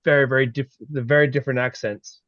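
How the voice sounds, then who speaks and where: A man's voice: mid-range voice, steady tone, quick pace, fairly bright tone, dry recording, muffled recording. A man hosting an interview, asking questions in a hesitant way and stumbling over his words. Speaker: interviewer, host.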